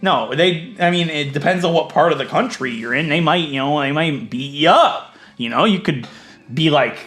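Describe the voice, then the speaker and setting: A man giving casual gameplay commentary, chatty and thinking aloud, swinging from low muttering to loud mock outrage. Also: lively intonation, normal speed. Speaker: let's play gaming creator.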